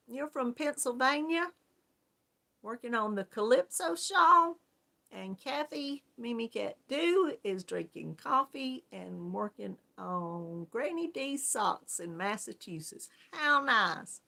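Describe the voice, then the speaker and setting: Chatty woman with gravelly, bright voice. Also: on the high side, lively intonation, slow pace. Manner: chatty, friendly, laughs often. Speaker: yarn crafts channel host. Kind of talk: casual live-stream chat greeting viewers.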